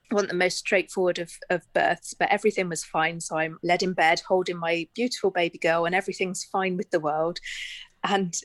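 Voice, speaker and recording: A woman from Bristol, England, appears as a guest telling a casual personal anecdote, chatting away and laughing often. Her voice is on the low side, and there's no room sound.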